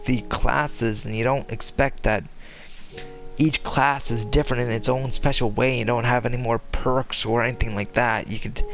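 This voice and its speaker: A man's voice: medium pitch, creaky, a bit bright. A young man chatting casually while playing a game, rambling and restarting his sentences often with lots of fillers. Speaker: gaming commentator. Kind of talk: casual gameplay commentary.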